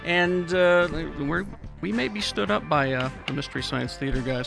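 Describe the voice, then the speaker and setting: A man hosts a live radio show with a high, gravelly voice, joking loosely and leaning on fillers. His pitch jumps around a lot, and clear music plays behind him in the studio. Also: lively intonation, normal speed. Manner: playful, jokey, filler-heavy. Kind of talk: casual radio talk.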